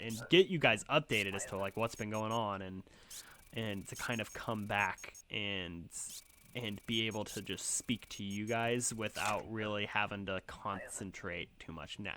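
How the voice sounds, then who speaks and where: A man's voice: lowish voice, bright, forceful tone, a little hiss or hum. A man hosting a gaming channel, chatting casually over gameplay in a rambling, self-deprecating way full of ums and likes.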